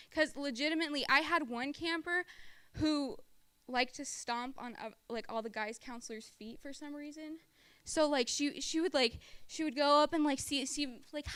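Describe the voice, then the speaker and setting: A woman's voice: high-pitched, normal speed, sharp tone, no room sound. A young woman giving a church testimony about her time as a camp counselor, in a chatty storytelling style full of "like" and acted-out quotes. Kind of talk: personal testimony talk at church.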